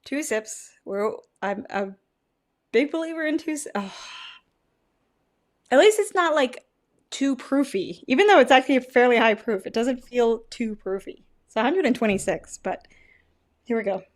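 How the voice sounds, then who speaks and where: Woman hosting a livestream tasting, slightly high voice, chatty, swears freely. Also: expressive, moderate pace, pauses often. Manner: chatty, swears, dramatic groans when tasting. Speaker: livestream host. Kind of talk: casual livestream whiskey tasting.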